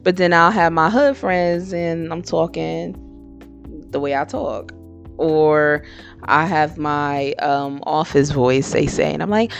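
A woman's voice: sits low, takes it slowly, creaky, soft background music. A woman hosting her own podcast, giving frank, slangy advice in a casual monologue. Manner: frank, slangy and animated, switching into impressions. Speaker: podcast host.

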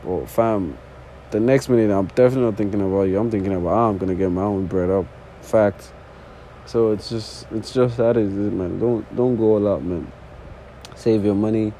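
Speaking at a moderate pace in a mellow voice on the low side, a man in his early twenties hosts a podcast from the floor, rambling casually in an unscripted solo talk. His English carries a non-native accent, and he swears frequently and keeps repeating false starts. The recording is rough, with a slight hiss or hum.

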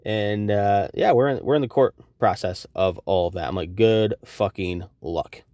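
A man in his thirties, hosting a podcast and telling a story in a casual, profane, animated way, acting out the quoted exchanges. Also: on the low side, moderate pace, dry recording, clean studio sound. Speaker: podcast host.

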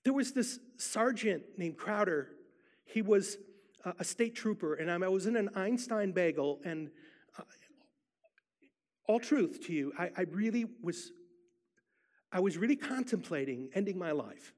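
Male preacher, high-pitched and animated, emphatic storytelling sermon. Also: unhurried, pauses often. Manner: emphatic storyteller, repeats for effect. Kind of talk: sermon with personal testimony.

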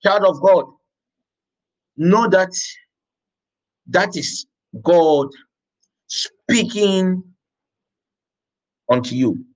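A man preaching a sermon as pastor, emphatic, repeating phrases and shouting out words now and then. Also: high-pitched, animated, very slow, pauses often, low-quality recording.

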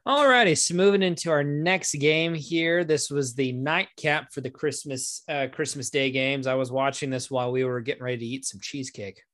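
A man's voice: medium pitch, little pitch movement, normal speed, few pauses, a bit bright, dry recording, studio quality. A man co-hosting a casual football podcast, chatty and folksy, running through player stats. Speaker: podcast co-host. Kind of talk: casual sports chat.

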